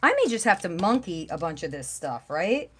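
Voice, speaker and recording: A woman hosting a craft livestream, chatting casually and gushing over pieces with bursts of excited exclamations. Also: lowish voice, moderate pace, breathy edge. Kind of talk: casual chat while showing craft pieces.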